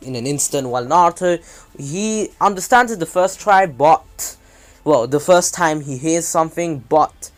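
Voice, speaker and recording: A man's voice: on the high side, expressive, a little slow. A man casually retelling an anime fan story, rambling with frequent asides and jokes. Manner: rambling, many fillers and restarts, jokey asides.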